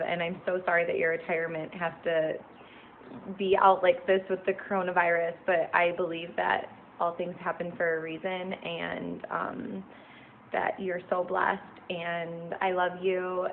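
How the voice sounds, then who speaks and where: Sex: woman. Role: former student. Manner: emotional, affectionate. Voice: low and flat. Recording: tinny phone audio with faint noise. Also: creaky. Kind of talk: recorded video tribute.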